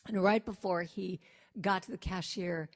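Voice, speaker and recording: A woman giving an inspirational talk to a congregation, gentle and conversational, who breaks into lively acted-out quotes. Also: on the low side, measured pace. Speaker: guest speaker and singer.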